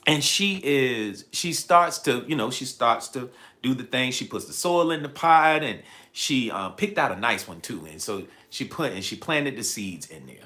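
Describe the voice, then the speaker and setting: Lively, bright-voiced man hosting a livestream. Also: mid-range voice. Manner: animated, repeats phrases while building a story. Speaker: livestream host. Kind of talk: casual storytelling to live chat.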